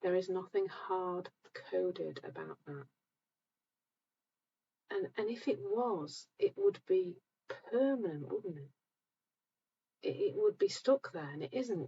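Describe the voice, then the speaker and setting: A calm, gentle woman hosting a live session, talking reassuringly to viewers while sounding a bit tired. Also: mid-range voice, creaky, slightly rough, muffled recording. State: tired, low energy. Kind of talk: live-stream talk answering viewer comments.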